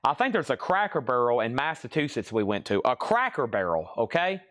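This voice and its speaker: A man's voice: mid-range voice, big pitch swings, brisk, a bit bright. A man with a Southern US accent hosting a live record sale, chatting in a rambling, easygoing way and laughing often. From American South. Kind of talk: casual live-stream selling chat.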